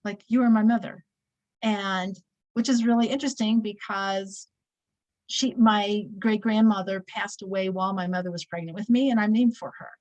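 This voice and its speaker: Woman, 60s, relaxed class teacher, chatty storyteller, fillers and restarts, pitch in the middle. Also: normal speed, poor audio. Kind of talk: casual weekly scripture class.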